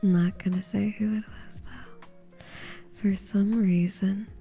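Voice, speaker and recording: A woman putting on a sultry, low, breathy whispered voice in a teasing whispered role-play. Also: level tone, slow pace, mellow, soft background music.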